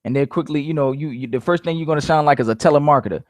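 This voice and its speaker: A man's voice: fairly high pitch, very fast, no room sound, clean studio sound. A man giving casual sales coaching, repeating his points emphatically and calling his listeners "guys". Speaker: network marketing coach.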